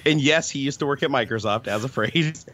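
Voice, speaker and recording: A man's voice: medium pitch, brisk, fairly bright tone. A sick man joining a casual chat over a video call, trading crude jokes. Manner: joking, crude banter. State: sick with a cold. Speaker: regular co-host. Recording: dull lo-fi call audio.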